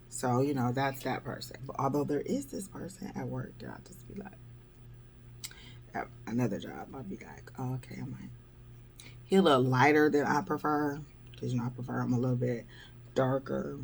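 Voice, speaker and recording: A woman's voice: a bass voice, a little hiss or hum. A woman vlogger telling dating stories in a wry, blunt, exasperated way. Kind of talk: casual storytelling vlog.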